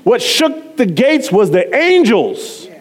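A man preaching a sermon, animated and chatty, often laughing and poking fun at himself as he talks to the congregation. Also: high voice, slow pace, slightly rough. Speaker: pastor.

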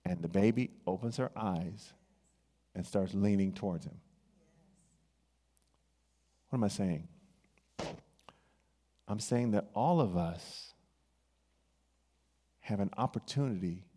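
A man preaching a sermon, swinging between hushed, drawn-out phrases and loud, excited bursts. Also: fairly low pitch. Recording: long hall reverb.

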